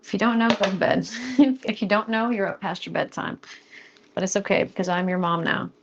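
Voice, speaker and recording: A woman's voice: mid-range voice, gravelly, muffled recording, background noise. A young woman chatting playfully with her viewers as she cooks on a live stream, close to the mic. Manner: chatty and playful, jokes with chat, quickens when flustered. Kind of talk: casual live-stream chat while cooking. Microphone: close studio mic.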